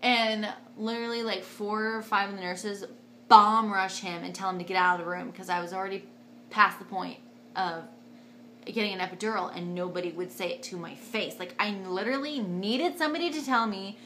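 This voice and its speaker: A woman in her twenties telling a personal story to camera in a casual, animated way, acting out quotes. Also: moderate pace, a little hiss or hum. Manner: animated, acts out quotes with big jumps in pitch and loudness. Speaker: vlogger.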